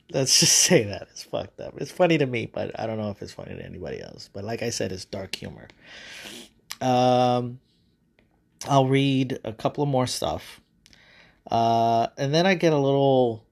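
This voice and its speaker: A man hosting a podcast, casually reading his own crude dark-humor stories with chuckling asides. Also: medium pitch, creaky.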